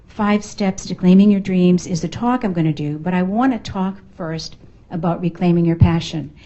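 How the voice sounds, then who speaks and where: A woman's voice: on the low side, normal speed, dark tone, muffled recording. A middle-aged woman with a Boston accent giving an emphatic, playful motivational talk to a live audience at a networking event. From United States. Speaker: motivational speaker. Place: function room at a networking event.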